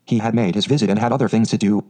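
Man narrating an audiobook, mellow warm tone, steady reading. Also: fairly low pitch, rapid-fire. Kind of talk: scripted storybook narration.

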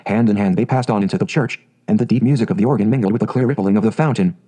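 Man with a dark, mellow reading voice. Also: fairly low pitch, rapid-fire, poor audio. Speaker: narrator. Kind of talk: fairy tale audiobook reading.

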